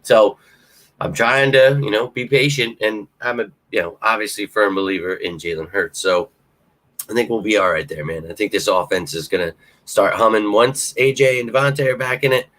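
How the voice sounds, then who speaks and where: A man hosting a casual live-stream sports talk show. He speaks to his viewers directly, thinks out loud and swears often. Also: lowish voice, normal speed, poor audio. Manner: restarts and fillers, thinks aloud.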